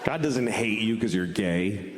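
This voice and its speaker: Deadpan man telling dark stand-up jokes. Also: fairly low pitch, a little slow, background noise. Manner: deadpan dark one-liners. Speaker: stand-up comedian. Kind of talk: stand-up routine. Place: live comedy stage before an audience. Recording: echoey hall with loud audience.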